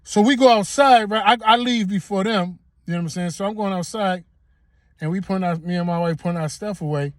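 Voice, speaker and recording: A man's voice: high-pitched, fairly quick, no echo, studio quality. A man telling a personal story straight to the camera in a casual, emphatic way, repeating himself and using everyday slang. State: getting emotional. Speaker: vlogger.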